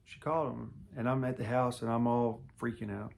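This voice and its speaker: A man's voice: mid-range voice, flat delivery, brisk, gravelly. A man telling his own story in a casual, earnest way, speaking straight to the viewer and repeating himself for emphasis. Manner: earnest, repetitive and emotional, talks to the viewer directly. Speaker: storyteller recounting quitting smoking.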